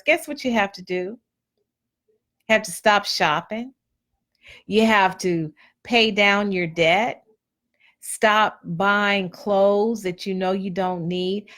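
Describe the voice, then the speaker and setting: Slow, blunt preachy woman host. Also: medium pitch. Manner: preachy and blunt, colloquial, repeats phrases. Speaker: host of a live motivational stream. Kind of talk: casual motivational talk.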